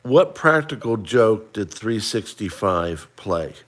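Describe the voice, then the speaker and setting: A man's voice: lowish voice, big pitch swings, slow, fairly bright tone. A middle-aged man hosting a casual livestream, chatting and running a trivia quiz for viewers he addresses by name. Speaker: livestream host.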